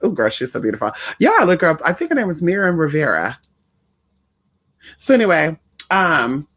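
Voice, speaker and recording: A trans woman vlogger telling a story to her viewers in a sassy, chatty way, calling them y'all and honey. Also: sits low.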